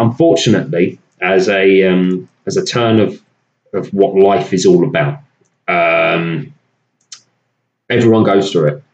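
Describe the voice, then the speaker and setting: Male podcast host, low-ish, rambling delivery, roomy lo-fi sound. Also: a little mellow. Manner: rambling, many fillers and restarts. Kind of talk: casual podcast chat. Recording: echoey room, dull lo-fi sound.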